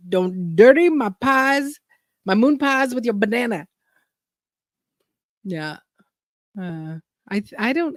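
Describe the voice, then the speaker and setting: A woman's voice: on the low side, a little mellow, no echo, studio quality. A woman hosting a gardening channel livestream, chatting casually and rambling as she reads viewer comments aloud.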